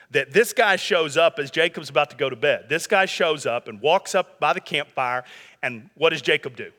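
A man in his thirties preaches in an easy, conversational way, with humor and asides to his listeners. His voice sits high and sounds bright and forward. A long hall reverb trails after his words. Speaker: pastor. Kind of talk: sermon.

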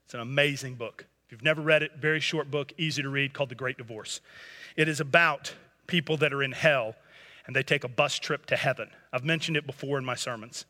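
A man's voice: mid-range voice, pushed and bright, long reverb tail. A man preaching a sermon and telling a story in an earnest, impassioned way. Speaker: pastor.

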